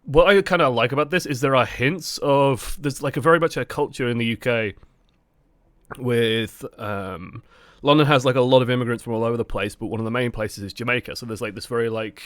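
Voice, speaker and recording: A man streaming and chatting casually about a game, animated and full of "like" fillers. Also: medium pitch, a little fast, dry recording, clean studio sound. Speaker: gaming streamer. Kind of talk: casual gaming chat.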